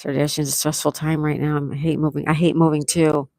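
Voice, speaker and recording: Older woman, livestream host, gravelly voice, chatty, reads comments aloud, dry close sound. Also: deep voice, level tone, moderate pace, dark tone, no room sound, low-quality recording. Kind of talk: casual livestream chat reading comments.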